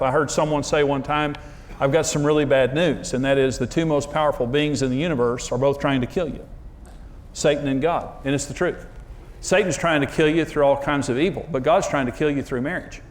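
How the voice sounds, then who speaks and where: A man giving a conversational sermon on marriage, earnest and emphatic, telling stories about himself with self-deprecating candor. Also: moderate pace. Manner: earnest, emphatic storytelling with sudden pitch jumps. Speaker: marriage teacher and TV host.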